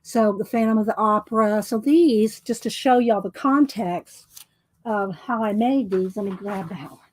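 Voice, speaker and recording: A woman's voice: medium pitch, normal speed, darkish tone, no room sound, low-quality recording. A woman chatting casually and rambling while she flips through her artwork, a little out of breath. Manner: chatty, rambling, says y'all. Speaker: artist vlogger.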